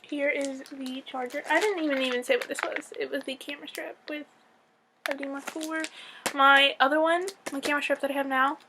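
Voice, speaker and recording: A young woman vlogging a casual unboxing, chatty and self-deprecating, teary and close to crying with excitement. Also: sits high, fairly quick, noisy background.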